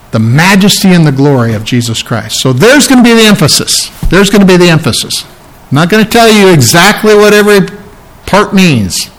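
A pastor preaching with emphatic conviction, driving points home by repeating them. His voice sits a little high for a man. He turns low and gentle when he calls listeners to faith and leads the prayer. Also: low-quality recording. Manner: emphatic, repeats key lines for stress; drops to a soft, low voice for the altar call and prayer. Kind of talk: sermon.

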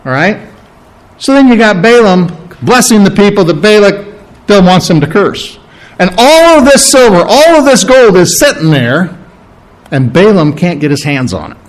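A man's voice: on the high side, low-quality recording. A male preacher telling a Bible story in a conversational sermon, with many restarts.

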